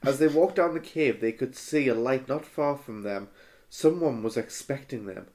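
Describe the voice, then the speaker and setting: A man's voice: medium pitch, normal speed, a little mellow. Man reading fan fiction aloud, laughing. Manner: reads aloud, half-hearted character voices, laughs often. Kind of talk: comedic reading with banter.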